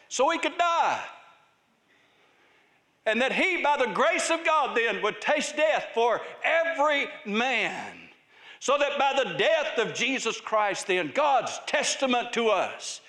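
A pastor with a fairly high voice delivers an emphatic sermon in a church. He reads scripture aloud and drives his points home by repeating key phrases. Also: a bit bright.

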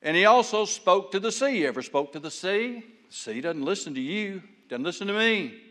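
A man preaching a sermon, telling folksy stories and swinging between loud bursts and hushed lines. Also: sits high, lively intonation, moderate pace, in a large hall. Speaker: pastor.

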